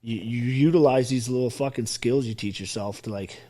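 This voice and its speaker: Here the Canadian veteran from Ontario sounds mellow, with a medium pitch and a brisk pace. As a podcast guest, he relays his army story in relaxed interview fashion, blunt, emphatic and constantly swearing.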